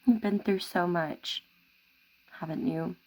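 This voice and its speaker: A woman giving a tarot reading to camera at home, speaking softly and reassuringly. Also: lowish voice, slow, poor audio. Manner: soft-spoken, gentle and reassuring. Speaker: tarot reader.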